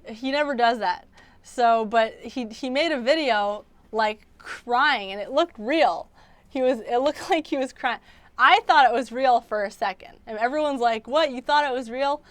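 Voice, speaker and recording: Smooth-voiced young woman chatting casually. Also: fairly high pitch, normal speed, no echo. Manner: rambling, filler-heavy, many restarts. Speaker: livestream host. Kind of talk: casual livestream chat.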